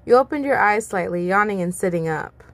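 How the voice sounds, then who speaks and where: A woman reads a fan fiction story aloud in a casual, expressive way. She giggles often and breaks off to chat with her listeners between scenes. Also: medium pitch, fairly quick. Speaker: story reader.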